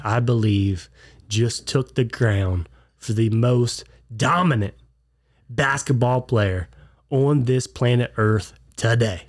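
On a podcast, a co-host with a mid-range voice makes casual conversation, sounding stuffed up and congested due to a clogged ear. He tells stories in a loose way and acts out the lines of anyone he quotes.

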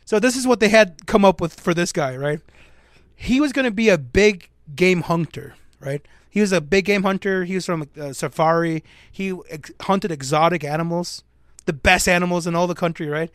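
A young man with a fairly high voice tells a story on a casual podcast. He talks in an animated way and throws in jokey asides. The sound is dry and close to the mic. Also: normal speed, no echo. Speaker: podcast co-host. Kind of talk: casual chat.

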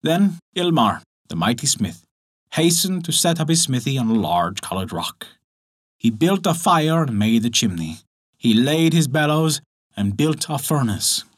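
A man narrating a folktale for a storytelling podcast, measured and dramatic. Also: mid-range voice. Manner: expressive, measured, dramatic pauses.

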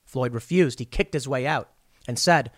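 At normal speed and in a mid-range voice, a political commentator gives a blunt, opinionated monologue aimed straight at his viewers. He shares his personal view, retells events with dialogue he acts out, and the studio sound is clean with no echo.

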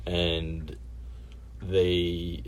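A man's voice: low voice, monotone, very slow. A man hosting a podcast, talking in a laid-back, casual way and laughing easily. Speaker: podcast host. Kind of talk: casual chat.

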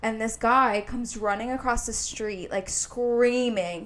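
A young woman from Indianapolis, USA co-hosts a podcast and tells a long, rambling story in casual chat, using "like" heavily. Her voice is fairly high in pitch and slow.

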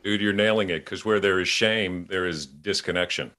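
Male podcast host, low-pitched, earnest, rambling with restarts, laughs easily. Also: normal speed, sharp tone. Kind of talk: casual faith conversation.

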